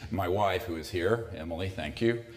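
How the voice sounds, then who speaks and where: A man's voice: sits low, normal speed. A man in his sixties giving a conversational public talk to a live audience, with dry sardonic asides. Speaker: lecturer. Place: lecture hall. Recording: echoey hall.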